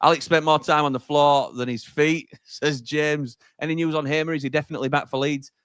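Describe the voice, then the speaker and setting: A man's voice: on the high side, steady tone, a little fast, fairly bright tone, clear, resonant tone, no echo, clean studio sound. A man from Sheffield hosting a fan watch-along stream, chatting casually and reading out viewer comments with frequent laughs.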